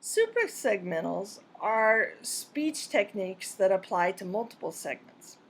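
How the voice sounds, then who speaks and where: Woman, lesson narrator, measured and precise, mid-pitched voice. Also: animated. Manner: clear, deliberate, measured delivery. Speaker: pronunciation teacher. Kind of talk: scripted instructional narration.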